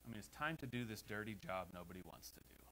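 A man with an American accent preaching a sermon as pastor in a church, emphatic and rising to loud exhortations. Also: on the low side, lively intonation, quick pace, rough recording. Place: church sanctuary. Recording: faint hum behind the voice.

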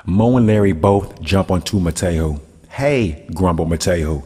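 A man reading a storybook tale aloud in a calm, even voice. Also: low voice, moderate pace, slightly rough, long reverb tail. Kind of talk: storybook narration.

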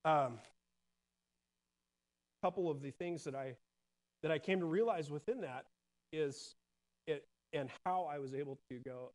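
Earnest man, slightly high-pitched, halting personal testimony before a congregation. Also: low-quality recording. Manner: earnest, halting, many restarts and fillers. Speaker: church member sharing testimony. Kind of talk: personal testimony in church service.

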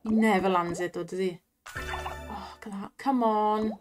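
A woman streaming slots, giving excitable commentary, cheering on the reels and laughing often. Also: mid-range voice, a little slow, over music. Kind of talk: excited commentary over a slot game.

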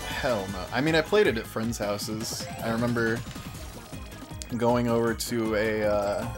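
A man's voice: mid-range voice, a little slow, music in the background. Joking man in casual game banter. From Texas. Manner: joking, laughing, wry asides. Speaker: co-host of a gaming show. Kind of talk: casual let's-play banter.

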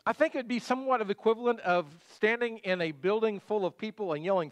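A man's voice: high-pitched, fast talker, hardly any pauses, no room sound. A middle-aged male pastor giving a conversational sermon full of rhetorical questions.

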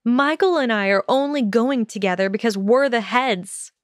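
A woman voicing a sharp-tongued, indignant teenage witch, clipped and defiant, in a fan audiobook. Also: fairly high pitch, normal speed, no echo, clean studio sound, voice pushed up, lightly acted.

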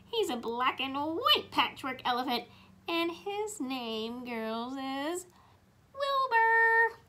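A woman's voice: sits high, slight background noise. A woman reading a picture book aloud to young girls, drawing out words for emphasis and talking to her listeners. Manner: animated, drawn-out emphasis, talks to the listeners. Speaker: storyteller reading to children.

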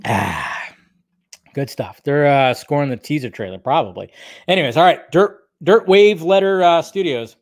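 A man's voice: a little high, animated, moderate pace, dry recording, studio quality. A man hosting a casual livestream, reading and answering chat in a rambling, laid-back way. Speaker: YouTube host answering live chat.

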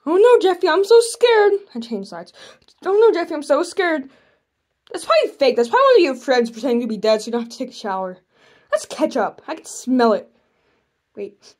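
A man's voice: extremely high pitch, sing-song, fairly quick, no room sound, clean studio sound. A man voicing Mario as a bossy, short-tempered dad in a puppet fan video, scolding and dismissive. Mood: panicked.

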